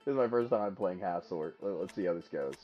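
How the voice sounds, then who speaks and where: A man streaming a game for the first time, commentating excitedly, laughing and trash-talking his opponent. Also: sits low, a little fast, muffled recording, faint music behind. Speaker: gaming streamer. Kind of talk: casual live gameplay commentary.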